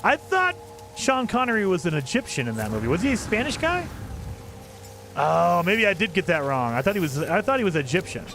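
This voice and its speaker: A man's voice: high-pitched, wildly swooping pitch, fairly quick, fairly bright tone, slight background noise. A man streaming a video game, chatting casually and rambling with enthusiasm, often laughing at himself. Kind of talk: casual chat while gaming.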